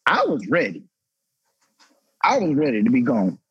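A man's voice: huge pitch swings, normal speed, a bit bright, husky, no room sound, highs cut off. A man in his thirties, a former football player, telling a raw, emotional story on a podcast panel and swearing freely. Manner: raw, emotional, profane, pitch climbing when stirred.

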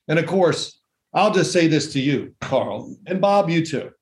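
A man in his sixties talks casually as a podcast guest, spinning wry, chatty stories from his playing days. His voice sits a little higher than most men's. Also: expressive, measured pace. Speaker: guest, former pro quarterback.

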